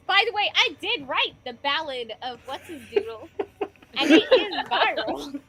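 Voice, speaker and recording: A woman playing in a tabletop game, bubbly, giggly and excitable. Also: sits high, unhurried, soft background music. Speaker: player.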